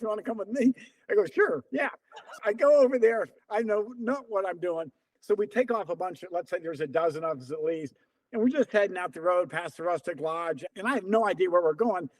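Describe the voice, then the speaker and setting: A man around seventy telling stories in an interview, acting out remembered dialogue. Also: sits high. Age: about 70. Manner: lively, acts out remembered dialogue in quotes. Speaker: interview guest, veteran distance runner. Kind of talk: conversational storytelling.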